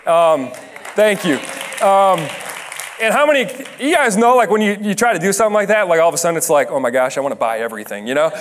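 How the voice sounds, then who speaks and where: A young man giving a chatty, joking sermon that tells a story and builds to shouted emphasis. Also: sits high, lively intonation, brisk, a faint crowd, a little hiss or hum. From Dutch heritage. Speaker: guest preacher.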